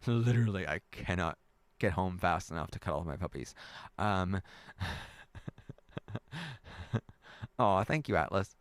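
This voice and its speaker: In a dry recording, a young American man rambles through a casual live chat, reading comments from viewers and frequently laughing. His low voice is expressive, somewhat slow, and full of pauses.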